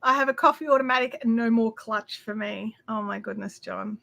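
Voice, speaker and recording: High bright chatty Australian woman. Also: a little fast, gravelly. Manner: chatty, effusive, many fillers and restarts. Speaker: craft livestream host. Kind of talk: casual chat reading viewer comments. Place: home.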